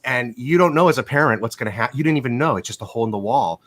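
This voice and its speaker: A man hosting a casual live chat show from home in California, telling stories in a rambling, profane, animated way over a video call. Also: medium pitch, very fast. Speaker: host of a live watch show.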